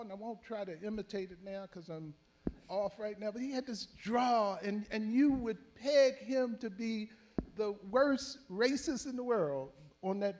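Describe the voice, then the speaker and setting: An older elder activist from Philadelphia tells his story slowly and reflectively in an oral history conversation, with many pauses and fillers. His voice sits high with a darkish tone, captured on a handheld mic in a panel setting.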